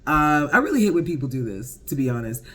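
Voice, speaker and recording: Lively young man recapping a show. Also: a little high, fast. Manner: animated, laughing, acts out quotes. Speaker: show reviewer. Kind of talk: casual recap commentary.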